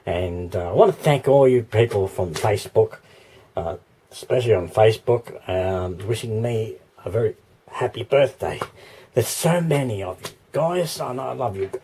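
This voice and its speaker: Australian man, hoarse, rambling vlog talk, deep voice, outdoor noise behind. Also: lively intonation, moderate pace, warm tone. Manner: rambling, with many ums and little laughs. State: hoarse, losing his voice. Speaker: vlogger. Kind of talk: casual vlog chat. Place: walking outdoors.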